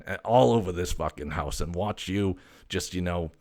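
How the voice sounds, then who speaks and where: A man's voice: sits low, normal speed, a little mellow. A man voicing a brash, foul-mouthed male house cat who swaggers, stammers and swears constantly. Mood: boastful. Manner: swaggering, profane, rambling with stammers.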